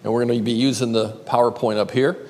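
An older man from South Carolina with a Southern accent, preaching a playful sermon and drawing words out slowly. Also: medium pitch, fairly even intonation, darkish tone. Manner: playful, drawls words slowly, calls crowd y'all. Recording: long hall reverb.

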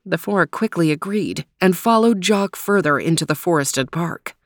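A woman reading a children's storybook aloud in a calm, gentle manner. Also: on the low side, moderate pace, dry recording, studio quality. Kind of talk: storybook narration.

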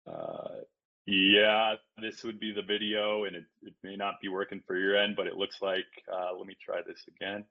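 A man's voice: deep voice, animated, moderate pace, gravelly, phone-quality sound. Hesitant man co-hosting, off-mic. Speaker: interview co-host. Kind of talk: casual interview.

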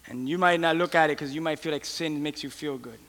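A male preacher delivering an impassioned sermon, his pleas climbing toward near-shouts. His voice is bright and forceful, a little higher than most men's, and it rings with the long reverb of a large church hall. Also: a little fast.

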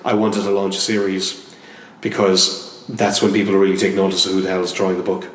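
A man's voice: sits low, level tone, brisk, a bit bright. Hesitant man, distant in an echoey room. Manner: hesitant, many restarts and fillers. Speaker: comic book artist guest. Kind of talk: casual interview conversation. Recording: roomy echo, distant mic, faint noise.

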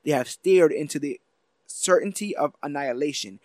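A man's voice: on the high side, normal speed, darkish tone, no room sound, studio quality, close to an everyday voice. A man reading a superhero's solemn speech aloud, declaiming in his own voice.

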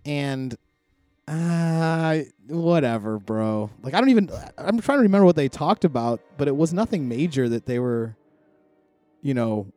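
A man's voice: a little high, a little slow, faint music behind. Rambling, cursing middle-aged man. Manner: rambling, profane, animated when quoting others. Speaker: podcast co-host. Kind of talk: casual chat, storytelling.

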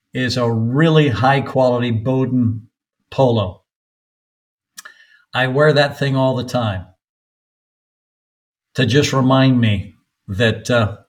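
An older man from North Carolina, a soccer coach guest on a podcast, telling long anecdotes with frequent pauses. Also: mid-range voice, poor audio. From North Carolina, USA. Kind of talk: podcast interview storytelling.

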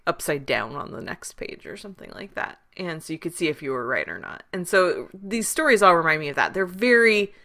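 A woman co-hosting a podcast in relaxed casual chat, rambling with fillers and laughs. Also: deep voice. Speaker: podcast co-host. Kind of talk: casual chat, recommending a show.

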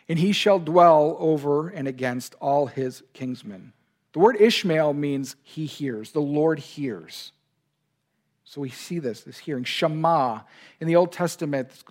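A man's voice: on the high side, normal speed. A male pastor delivering an earnest sermon, stressing key words and speaking God's lines with feeling. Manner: earnest preaching, voices God's words with emphasis.

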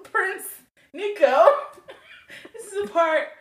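A woman's voice: very high voice, slow, recorded from a distance. A woman co-hosting a casual lyric guessing game who laughs often and teases her friend. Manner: giggly, teasing, reads lyrics aloud in Nigerian pidgin. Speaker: podcast co-host. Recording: echoey room.

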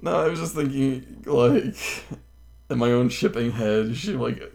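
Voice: medium pitch, animated, measured pace, creaky, darkish tone. A podcast co-host telling rambling stories in casual chat, full of "like" and frequent laughter. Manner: rambling, many "like" fillers, laughs often.

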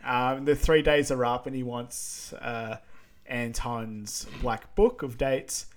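A man's voice: mid-range voice, steady tone, slow. A man co-hosting a podcast, recapping a film scene by scene in loose, casual chat full of filler words. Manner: loose, chatty, lots of "like" and "um". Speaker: podcast co-host.

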